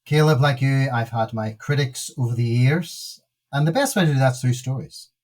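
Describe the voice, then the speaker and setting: A man's voice: mid-range voice, moderate pace, a little mellow. Emphatic Northern Irish minister in his sixties. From Northern Ireland. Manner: emphatic, preacherly, repeats key words for stress. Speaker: Methodist minister, podcast guest. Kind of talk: storytelling in a podcast interview.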